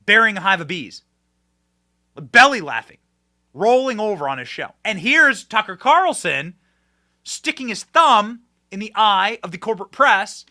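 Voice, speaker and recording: A man with a high voice hosts a political commentary show, speaking emphatically and swinging from loud outbursts to hushed asides.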